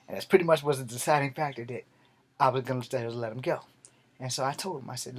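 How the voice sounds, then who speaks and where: A man recounting a street fight with heavy swearing and hard emphasis. His voice is husky, and he drives each point home with intensity. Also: medium pitch, fast talker. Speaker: martial artist telling a story. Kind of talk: profane fight storytelling.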